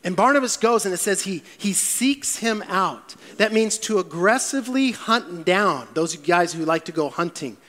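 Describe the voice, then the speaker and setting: A male pastor preaches in a church, his voice sitting high for a man. He tells stories with animated, acted-out quotes, and a long reverb trails off every phrase. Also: moderate pace, hardly any pauses. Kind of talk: sermon.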